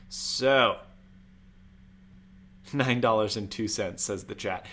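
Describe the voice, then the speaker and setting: A man's voice: fairly low pitch, moderate pace, vocal fry, long pauses, sharp tone. A young man hosting a casual tech live stream, chatty and rambling, with jokey asides. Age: young adult. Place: home room.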